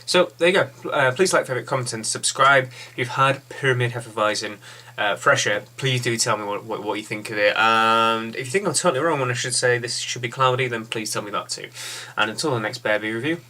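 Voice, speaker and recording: A man's voice: mid-range voice, fairly quick, hardly any pauses, sharp tone. A man giving a casual, blunt and rambling beer review.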